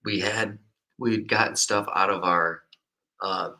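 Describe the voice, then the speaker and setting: A man co-hosting a casual livestream from an apartment, relaxed and laid-back while drinking beer. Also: lowish voice, measured pace. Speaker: livestream co-host. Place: indoor rental apartment.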